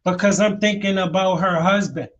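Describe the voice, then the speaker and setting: High-voiced man preaching to listeners. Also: steady tone, normal speed, muffled recording. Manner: preachy, addresses listeners as "family". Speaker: podcast host. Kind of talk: opinionated commentary.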